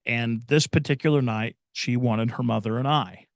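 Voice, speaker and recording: A man's voice: mid-range voice, no room sound. Earnest middle-aged man, dry close sound. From Indiana, USA. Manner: earnest, halting retelling with many restarts. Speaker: podcast guest. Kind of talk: personal storytelling in casual chat.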